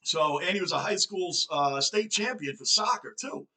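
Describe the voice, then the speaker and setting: A man with a New York accent hosts a casual reaction video. His voice is bright and forceful and sits a little high for a man. He talks in an excitable, chatty way and keeps questioning himself aloud. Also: moderate pace, low-quality recording. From Northeastern United States.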